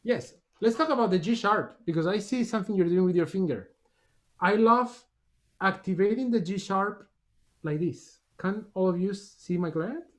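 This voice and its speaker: A man's voice: high voice, moderate pace. Man coaching a clarinet student. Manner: short encouraging instructions between demonstrations. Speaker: clarinet teacher. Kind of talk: masterclass coaching.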